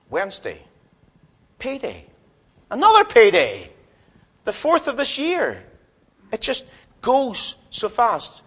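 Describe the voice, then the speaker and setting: A man preaching a sermon in a church, swinging from loud emphatic lines to soft, low ones. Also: slightly rough.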